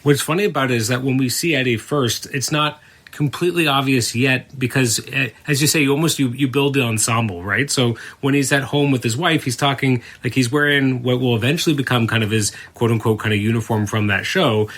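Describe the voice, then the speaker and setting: A man hosting a podcast interview, talking casually with halting starts and easy laughter. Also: mid-range voice, fairly bright tone. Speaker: podcast host.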